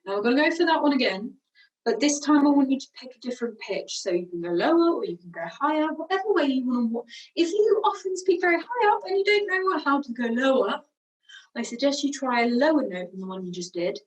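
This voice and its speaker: A woman teaching singing, calmly guiding a vocal warm-up with slow, encouraging cues. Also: high-pitched, far from the mic, low-quality recording. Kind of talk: guided vocal warm-up lesson.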